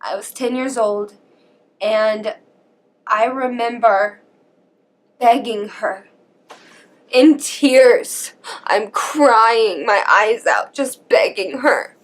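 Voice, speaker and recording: A young woman talks to her camera in a slow, halting way, telling a painful story from her own life. Her voice sits a little high and stays shaky, often on the edge of tears. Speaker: vlogger.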